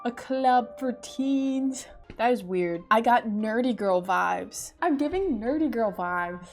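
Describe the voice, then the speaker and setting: A young woman in her twenties, a vlogger, chatting casually and sarcastically as she reads quiz questions aloud and mocks them. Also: mid-range voice. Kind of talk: casual vlog commentary.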